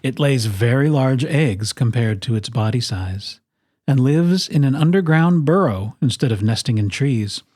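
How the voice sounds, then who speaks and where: A storyteller reading a children's picture book aloud, with expressive, playful emphasis on its lists. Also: medium pitch, measured pace, no room sound, studio quality.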